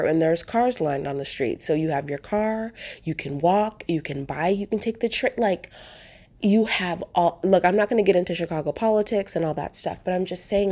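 A woman vlogger with a slightly low voice talks casually about her travels. She rambles, restarts her sentences and fills gaps with "like" and "um". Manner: chatty, rambling, animated with frequent fillers and restarts. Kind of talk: casual storytelling vlog.

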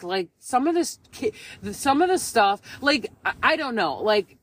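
A woman's voice: a little high, very animated, unhurried. A woman in her thirties hosting a casual solo podcast, rambling candidly and swearing freely, tired and yawning. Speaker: podcast host.

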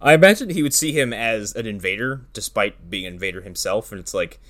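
A man's voice: on the low side, expressive, a little fast, fairly bright tone. A man co-hosting a casual film discussion, joking and swearing as he throws in mock lines. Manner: joking, profane, tosses in mock quotes.

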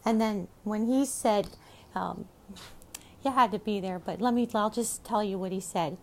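Slow, rambling middle-aged woman host. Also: medium pitch, slight background noise. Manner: rambling, chatty, affectionate. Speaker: podcast host. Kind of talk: casual chat. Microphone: phone.

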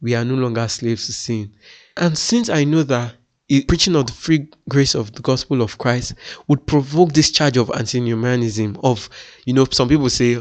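A man from Nigeria preaching earnestly, lifting his voice for emphasis and dropping low for reflective points. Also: moderate pace, a little mellow. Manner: earnest, rises in pitch for emphasis. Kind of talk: sermon-style teaching.

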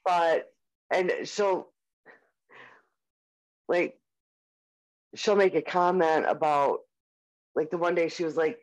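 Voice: medium pitch, takes it slowly, long pauses, darkish tone. A podcast co-host in their forties, chatting casually with lots of fillers and easy swearing. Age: 40s. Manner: rambling, full of "like" and "um", casual swearing. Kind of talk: casual chat. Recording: muffled lo-fi audio.

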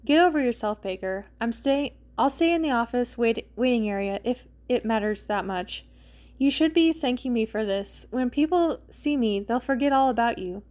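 A woman voicing a gruff, cocky male baseball captain who teases dryly and boasts. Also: on the high side, animated, normal speed, darkish tone, lightly acted. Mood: teasing. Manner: teasing, dry, boastful.

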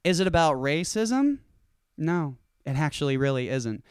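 Man ranting to the mic, fairly high voice that swings widely, swears hard, plays out the quotes in his stories, smooth tone, dry close sound. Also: moderate pace, dry recording. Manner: profane, animated storytelling with acted-out quotes. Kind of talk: casual ranting monologue.

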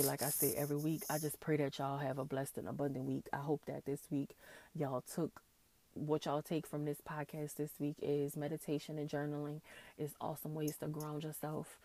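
Gravelly impassioned woman podcaster. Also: low voice, warm tone. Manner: impassioned, ranting with repeated phrases and slang. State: tearful. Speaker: podcast host. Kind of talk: emotional solo podcast monologue.

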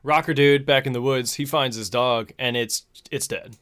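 Male host, easygoing and foul-mouthed, plot-recap delivery at an ordinary pitch. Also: steady tone, normal speed, fairly bright tone, smooth. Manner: profane, laid-back retelling with chuckles. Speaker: podcast host. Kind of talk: casual movie recap.

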